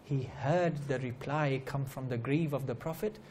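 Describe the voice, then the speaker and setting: A man's voice: mid-range voice, normal speed, a little mellow, slight background noise. A man teaching at a religious gathering, telling stories earnestly, repeating key phrases, and reciting Arabic verses fluently in a religious lecture. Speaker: Islamic teacher giving a talk.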